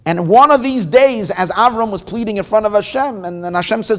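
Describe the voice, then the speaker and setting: A man's voice: high-pitched, fairly quick, hardly any pauses. A man, a rabbi, telling a story at an informal evening gathering and acting out the characters' lines with feeling. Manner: animated, voices the story's characters. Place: gathering room with guitar nearby.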